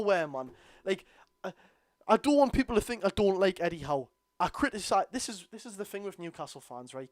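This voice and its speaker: A man's voice: sits high, dry recording, clean studio sound. A young Geordie man from North East England giving blunt, exasperated live commentary as a football fan streamer.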